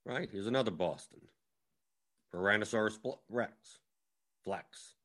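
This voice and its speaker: This fantasy sports analyst is a man whose voice runs on the low side with a fairly bright tone. Quick and scattered, he breaks down strategy casually, musing aloud and rattling off lineups while scrolling.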